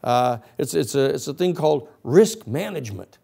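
A man's voice: mid-range voice, lively intonation, moderate pace, creaky, warm tone. A man telling a story and voicing a drunk male security worker who brags loosely and keeps saying "man". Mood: bragging. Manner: loose, bragging, peppered with "man".

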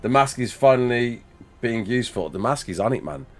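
A man in his thirties, medium-pitched and animated, talks a little fast as he builds in a game and chats casually with his livestream viewers. He reacts with laughter and sudden outbursts.

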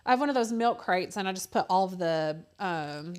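A woman's voice: lowish voice, lively intonation, a little fast, a little mellow, clean tone. A woman in her thirties co-hosting a casual chat, telling stories and acting out the voices of other people. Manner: storytelling, acts out quoted voices. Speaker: co-host.

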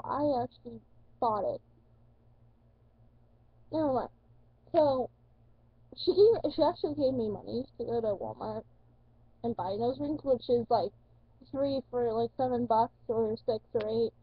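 A woman's voice: on the high side, expressive, measured pace, long pauses, husky. A teenage woman vlogging in casual chat, rambling, correcting herself and swearing casually. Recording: dull lo-fi dry recording.

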